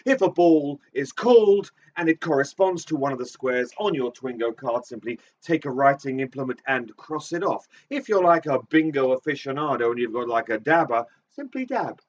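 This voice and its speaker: A man's voice: medium pitch, animated, moderate pace, hardly any pauses. Camp playful guy hosting a silly live game, voice jumps all over, sounds far off and kinda muffled. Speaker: game show host. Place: small club stage. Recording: distant, dull lo-fi stream audio.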